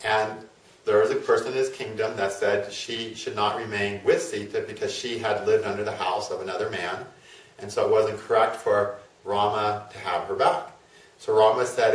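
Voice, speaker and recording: A man's voice: on the low side, steady tone, normal speed. A man, an astrologer, retelling a myth in a chatty, casual lecture full of fillers and tag questions. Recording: roomy, from a distance.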